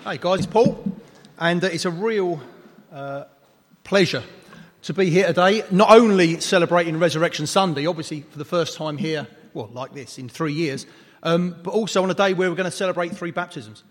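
A preacher with a fairly high voice delivers a playful Easter sermon, bantering with his congregation and throwing questions at them. His words ring out through a large church hall with a long, lingering reverb. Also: normal speed.

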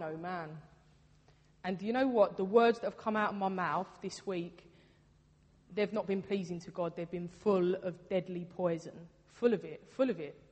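A woman preaching a sermon in a casual, earnest way, repeating her points for emphasis. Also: lowish voice. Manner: earnest, conversational, with emphatic repetition. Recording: long reverb of a hall.

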